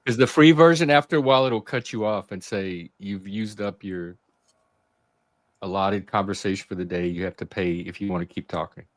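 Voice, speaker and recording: A man hosting a casual group chat, relaxed and talkative, prodding and joking with others. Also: fairly low pitch, normal speed, no room sound. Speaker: host.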